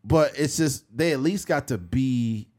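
A man co-hosting a casual podcast, telling stories in an animated way, acting out quoted voices and laughing often. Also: medium pitch, measured pace. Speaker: podcast co-host.

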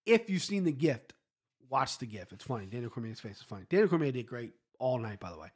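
A man's voice: medium pitch, sing-song, fast, a little mellow, slightly rough. A man giving a casual solo recap of fight results, blunt and profane, rambling with frequent restarts. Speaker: MMA fight recap podcaster.

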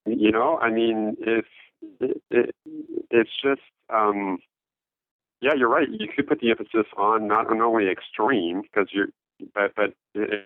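Interview guest: man on a phone line, lowish voice, halting and full of fillers. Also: no echo. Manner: halting, many fillers and restarts. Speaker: interview guest, note investor. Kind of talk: casual interview talk.

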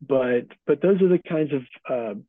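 A middle-aged man answering interview questions as a book's author, casual and halting, with many restarts and fillers. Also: mid-range voice, no echo. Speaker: author and guest. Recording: tinny phone-like call audio.

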